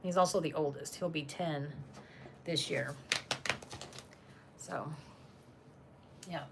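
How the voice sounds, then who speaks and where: A woman's voice: low voice, fairly even intonation, takes it slowly, creaky, noisy background. Chatty woman on a home livestream. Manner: chatty, laughs often, talks to her dogs. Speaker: channel host reading live chat. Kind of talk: casual live-stream chat.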